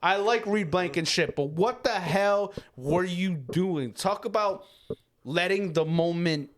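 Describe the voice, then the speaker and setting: A man in a casual sports podcast, getting fired up and ranting, cursing as he goes. His voice sits fairly high for a man. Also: takes it slowly. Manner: fired-up, ranting, swears freely. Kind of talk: heated casual sports talk.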